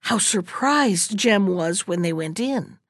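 A woman reading a fairy tale aloud in an expressive, unhurried storytelling manner. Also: mid-range voice, no room sound, studio quality.

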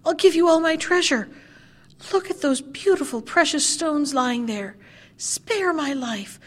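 A woman's voice: expressive, measured pace. A woman doing a screeching ungrateful dwarf. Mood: shrill angry. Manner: shrill, screaming, scolding.

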